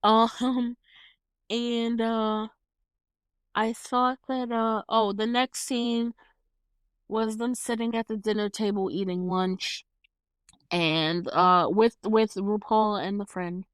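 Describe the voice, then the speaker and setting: A woman's voice: on the high side, slow, clean tone, no echo. A young woman casually recapping a movie on her show, acting out the scenes with lots of laughs and some swearing. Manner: animated retelling, acts out scenes, laughs often; swears freely. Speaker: host reviewing a movie. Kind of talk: casual solo commentary.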